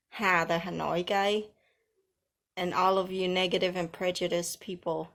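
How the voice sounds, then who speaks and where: Woman doing a bossy taunting vlog rant, slow and drawn out, mocking tone. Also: on the low side.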